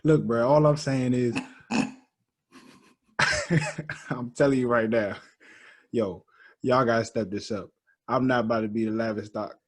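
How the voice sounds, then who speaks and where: Husky laid-back podcast co-host man. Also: mid-range voice, slow pace, pauses often. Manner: laid-back, animated storytelling with slang. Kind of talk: casual chat.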